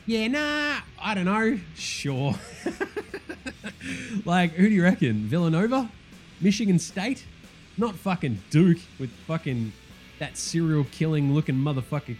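A man's voice: medium pitch, darkish tone. A man with an Australian accent hosting a comedic sports podcast, ranting in a blunt, profane and sarcastic way. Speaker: host.

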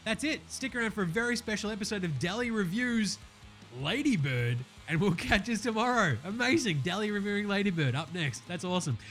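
A man's voice: high-pitched, lively intonation, a little fast, fairly bright tone, faint music behind. A man with an Australian accent hosting a basketball podcast, casual and slangy, swearing freely. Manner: swears freely, laid-back slangy banter. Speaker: podcast host. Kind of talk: casual sports podcast chat.

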